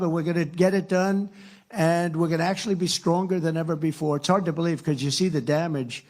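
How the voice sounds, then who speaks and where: A political candidate from the United States gives a rambling, sarcastic campaign speech full of repetition at a live rally. His voice is a little high and a little mellow.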